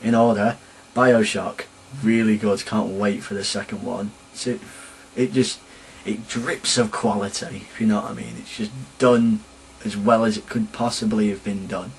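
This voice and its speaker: A man's voice: fairly low pitch, moderate pace, slight background noise, rough recording. Chatty young man with a Sheffield accent. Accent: Sheffield English. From England. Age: young adult. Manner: rambling, chatty, animated. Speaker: vlogger. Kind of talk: casual vlog rant.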